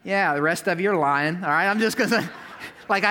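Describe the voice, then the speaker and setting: Male pastor, middle-aged, sermon voice, bright and tense, a touch high, animated and conversational with the crowd. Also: moderate pace, clear, resonant tone. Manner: animated, rising to near-shouts when stressing a point; talks directly to the congregation, asks for hands and notes. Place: church sanctuary before a congregation.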